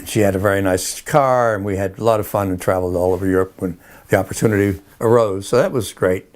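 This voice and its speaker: A man's voice: low-pitched, steady tone, fast talker. An older man being interviewed, rambling through old army stories with frequent chuckles and restarts. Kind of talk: oral history interview.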